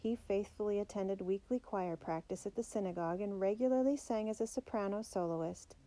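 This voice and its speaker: A woman reading a children's biography aloud in a steady, clear storybook narration. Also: medium pitch, fairly quick, low-quality recording. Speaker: audiobook reader.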